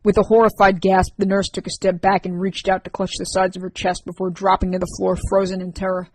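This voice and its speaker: A woman narrating a chapter of an audiobook in a steady reading voice. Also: mid-range voice, a little fast, dry recording.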